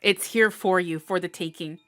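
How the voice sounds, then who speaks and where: A woman's voice: fairly low pitch, normal speed, a bit bright, no echo, faint music behind. A woman giving a live tarot horoscope reading, gushing and emotional, laughing often as she channels. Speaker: tarot reader.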